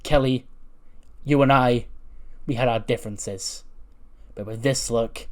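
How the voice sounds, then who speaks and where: A man's voice: medium pitch, fairly even intonation, unhurried, close to an everyday voice. A man voicing a flamboyant, self-absorbed female wrestling star who gushes theatrically. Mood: gushing. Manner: theatrical, vain, gushing.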